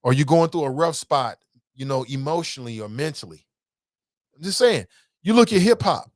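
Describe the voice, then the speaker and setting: A man hosting a casual call-in talk show, reading listener comments aloud and riffing on them in a blunt, animated way, swearing freely. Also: fairly high pitch, normal speed, no echo, clean studio sound.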